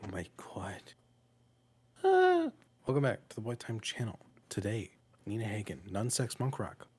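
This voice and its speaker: A man's voice: fairly low pitch, brisk, breathy edge. A man hosting a music reaction podcast, chatting casually with many hesitant fillers. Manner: hesitant, lots of filler words. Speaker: podcast host.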